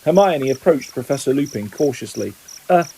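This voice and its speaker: Man reading a storybook, mellow voice. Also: expressive, moderate pace, a little hiss or hum, poor audio. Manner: reads steadily, lifting pitch for quoted lines. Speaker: audiobook reader. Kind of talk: scripted narration.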